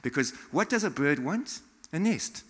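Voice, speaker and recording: A man from South Africa preaching a sermon in a church, animated, acting out quotes and laughing often. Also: fairly high pitch, normal speed. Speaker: pastor. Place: church hall. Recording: long hall reverb.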